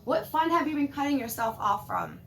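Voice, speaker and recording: A woman voicing Mother Earth as a gentle, motherly female spirit, coaxing listeners she calls her children. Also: sits high, expressive, fairly quick, a little hiss or hum, voice pushed up. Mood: tender coaxing.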